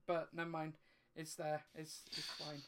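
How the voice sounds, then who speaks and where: A man's voice: a little high, monotone, a little slow, background noise. A man hosting a podcast, chatting casually, teasing his co-host and laughing often. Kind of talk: casual chat.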